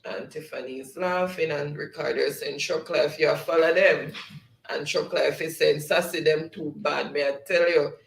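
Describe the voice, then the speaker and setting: A man's voice: on the high side, fairly even intonation, normal speed, vocal fry, reverberant, a little hiss or hum, low-quality recording. A man with a Jamaican accent hosting a casual live-stream quiz, reading chat messages aloud and laughing often.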